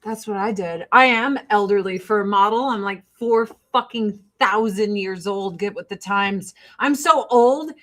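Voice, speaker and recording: A woman's voice: mid-range voice, unhurried, few pauses, a bit bright. A woman from the Joliet area hosting a casual livestream chat with viewers, blunt and jokey, swearing freely. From Joliet, Illinois, USA. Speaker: livestream host and beauty product seller.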